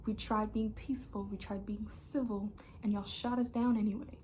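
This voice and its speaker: A young woman gives an impassioned personal monologue, angry and emphatic, repeating herself and often dropping to an intense hush. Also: medium pitch, steady tone, moderate pace, a little hiss or hum. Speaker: channel host.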